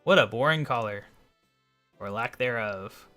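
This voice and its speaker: A man's voice: mid-range voice, unhurried, pushed and bright, soft background music. A man doing a pompous grumbling king. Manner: pompous, complaining. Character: vain, grumpy old king, henpecked by his wife.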